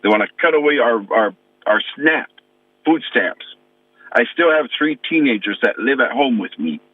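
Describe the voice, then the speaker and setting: A man's voice: mid-range voice, animated, normal speed, no echo. Impassioned older man on a phone line. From American Samoa. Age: 60s. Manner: emphatic, impassioned complaint. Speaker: caller, pastor and veteran. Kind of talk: phone-in call to a radio show. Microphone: telephone. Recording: tinny phone line, dry.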